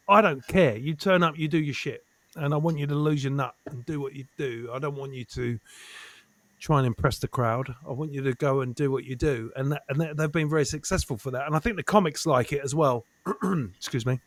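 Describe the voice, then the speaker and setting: A fairly high-pitched man from Essex chatting as a comedian guest, animated and sweary and hammering his points with repetition. His voice sits close and dry on the mic. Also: brisk, no echo. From Essex, England. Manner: animated, sweary, repeats himself for emphasis. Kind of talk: casual chat.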